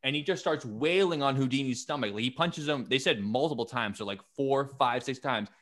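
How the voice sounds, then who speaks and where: A man's voice: medium pitch, a little fast. A man hosting a podcast, telling a story in casual chat, swearing freely and acting out the lines of the people in it. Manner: animated storytelling, swears, acts out quotes. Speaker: podcast host.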